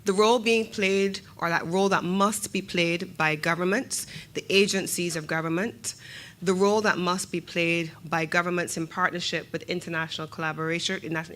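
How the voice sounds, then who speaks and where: A middle-aged woman from Barbados with a Barbadian accent, speaking as a government minister in a measured, emphatic formal speech. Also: lowish voice, a bit bright. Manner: measured, emphatic, rhetorical questions.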